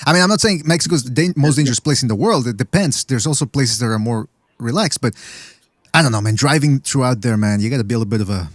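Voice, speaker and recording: A man's voice: medium pitch, fast, no room sound, clean studio sound. A man hosting a casual call-in show, telling loose, rambling stories and acting out the people in them. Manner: loose storyteller, acts out quoted people.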